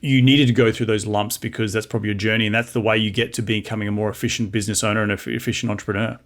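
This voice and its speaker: Quick-talking Australian man hosting. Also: on the low side, little pitch movement. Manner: fast, upbeat questioner, frequent restarts. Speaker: podcast host. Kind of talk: interview podcast.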